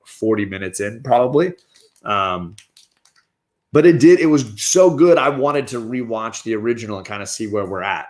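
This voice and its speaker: The host of a casual comic and movie review show speaks in a fairly low, somewhat bright voice. He gives chatty, opinionated takes on films and keeps restarting his lines.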